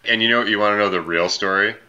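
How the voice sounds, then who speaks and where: A man with a very low voice but a strikingly bright, forward tone chats casually as an interview guest. He rambles through his stories with lots of "like" and "um". The audio is dull and muffled. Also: quick pace. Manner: relaxed, rambling storyteller with fillers. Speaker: ski company founder, guest.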